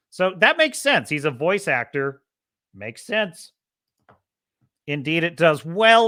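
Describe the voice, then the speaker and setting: A man hosting a casual livestream podcast, opinionated and animated, sliding into heated ranting about culture and movies. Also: fairly high pitch. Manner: imitates radio DJ cadence. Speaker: podcast host.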